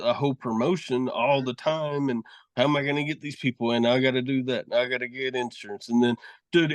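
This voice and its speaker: A middle-aged man spins long, profane stories in a loose podcast conversation, cursing freely and laughing between lines. His voice sits at an ordinary pitch and sounds dry and close, with no room around it. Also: no echo. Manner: profane, rambling storytelling with laughs. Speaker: guest, wrestler and horror host. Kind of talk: casual podcast chat.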